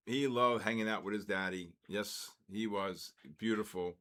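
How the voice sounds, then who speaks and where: A man's voice: mid-range voice, unhurried, few pauses, a bit bright. An older man from the Bronx, hosting a live trading stream and chatting casually with viewers between market calls. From the Bronx, New York.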